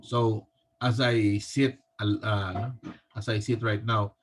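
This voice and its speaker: A male teacher with a Filipino accent giving a recorded physics lecture, halting often and tagging his sentences with a questioning "no?". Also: on the low side, little pitch movement, a little hiss or hum. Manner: halting, with frequent restarts.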